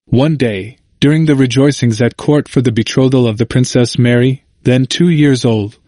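A man's voice: mid-range voice, a little mellow, no echo. Man narrating a history audiobook, dry.

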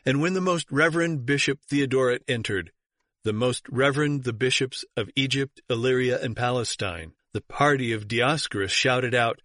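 A man reading church history aloud as an audiobook narrator, measured and even, lifting his voice for the quoted shouts. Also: mid-range voice, no room sound, clean studio sound. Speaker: reader.

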